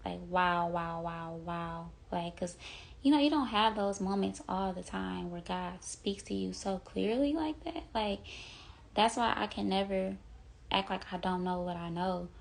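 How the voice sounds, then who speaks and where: A woman's voice: medium pitch, a little slow, gravelly. A young woman giving an earnest, rambling devotional talk into her phone, full of "like" and "you know". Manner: earnest, rambling, heavy use of 'like' and 'you know'. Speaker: vlogger sharing a devotional message.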